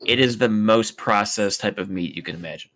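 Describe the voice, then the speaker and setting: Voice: low voice, fairly quick, a bit bright, no room sound, clean studio sound. A guest on a stream, arguing playfully and teasing the host in casual chat.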